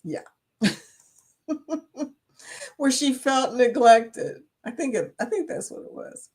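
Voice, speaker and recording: A woman's voice: fairly high pitch, big pitch swings, slow, a little mellow, breathy edge. A woman hosting a live stream, chatting casually with viewers and laughing often as she reads their comments. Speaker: livestream host.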